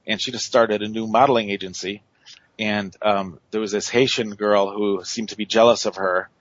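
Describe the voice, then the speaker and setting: Guy guest on radio, low voice, lots of ums and restarts, dull lo-fi sound. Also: fairly even intonation, normal speed, no echo. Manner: rambling, many fillers and restarts. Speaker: paranormal investigator guest. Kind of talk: casual storytelling on radio.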